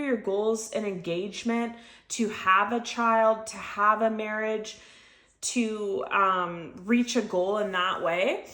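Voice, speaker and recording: A woman's voice: mid-range voice, fairly bright tone. A woman giving an intuitive tarot reading to her viewers, talking in an earnest, emotional way and repeating her phrases. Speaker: tarot reader.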